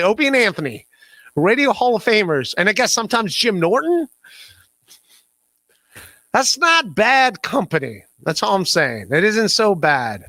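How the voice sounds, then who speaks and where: A man's voice: sits high, bright, forceful tone, dry recording. A man hosting a casual podcast livestream, rambling and self-deprecating as he reads chat messages, laughing often and stammering on repeated words. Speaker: podcast host.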